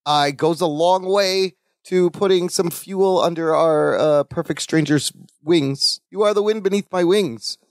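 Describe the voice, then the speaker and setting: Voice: mid-range voice, a little slow, dry recording, clean studio sound. A podcast co-host chatting casually and joking while recapping a sitcom episode. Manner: animated, jokey, acts out quoted lines.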